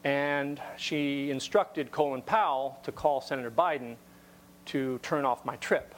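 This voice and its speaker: A man's voice: mid-range voice, unhurried. A man giving a talk to an audience, telling a story conversationally with wry asides and frequent repeated words.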